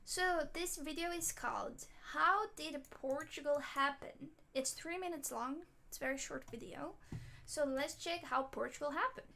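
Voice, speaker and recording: A woman's voice: sits high, moderate pace, gravelly, bright, forceful tone, a little hiss or hum. A woman streamer chatting casually with her viewers, reacting aloud and talking straight to chat.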